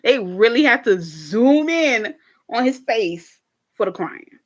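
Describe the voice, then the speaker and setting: A young woman hosting a casual reaction video, recapping a TV episode to her viewers in an animated way, laughing often and swearing freely. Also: fairly high pitch, slow.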